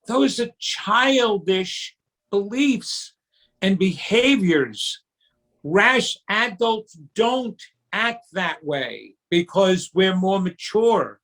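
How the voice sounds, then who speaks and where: A man's voice: high voice, animated, extremely slow, a bit bright. A man speaking as a guest in an interview, explaining in an emphatic, teaching way. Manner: emphatic, teaching tone, acts out childish voices. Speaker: psychic medium guest. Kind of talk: conversational interview answers.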